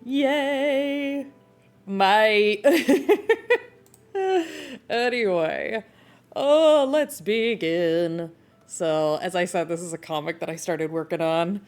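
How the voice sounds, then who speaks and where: A woman's voice: medium pitch, very slow, clear, resonant tone. A woman chatting casually with her live-stream viewers while she draws, laughing often. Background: video game music playing.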